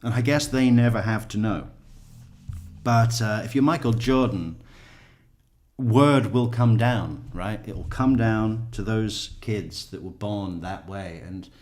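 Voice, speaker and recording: A man's voice: fairly low pitch, slow, a little mellow. A man giving casual true crime commentary, rambling and profane, often chuckling.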